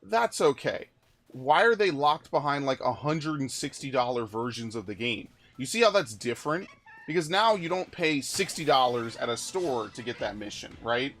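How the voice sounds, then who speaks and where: A man's voice: mid-range voice, expressive, moderate pace, fairly bright tone. A man streaming a game, ranting with exasperation and lots of swearing. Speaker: gaming streamer.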